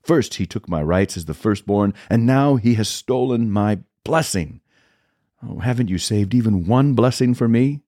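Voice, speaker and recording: A man's voice: lowish voice, sing-song, moderate pace, hardly any pauses, darkish tone, no room sound, studio quality, pitched above the performer's own voice. A man voicing a wronged grown son who pleads in a strained, rising voice. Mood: desperate.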